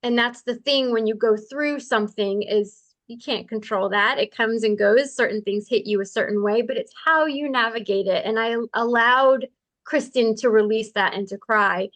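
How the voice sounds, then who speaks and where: Earnest higher-voiced woman storyteller. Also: fairly bright tone, no echo. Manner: earnest, quick bursts of speech with laughs. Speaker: podcast guest. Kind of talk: conversational storytelling.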